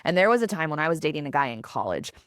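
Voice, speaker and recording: A woman in her thirties hosting a solo podcast, telling personal stories in a lively, conversational way with laughs and asides. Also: low-pitched, rapid-fire, smooth, no echo, studio quality. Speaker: podcast host.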